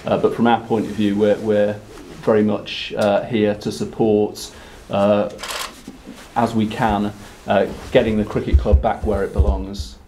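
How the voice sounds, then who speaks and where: Council spokesman, man, hesitant delivery, mellow and monotone. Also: lowish voice, measured pace, slight background noise. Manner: hesitant, many fillers, repeats words. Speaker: council representative. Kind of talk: formal press statement.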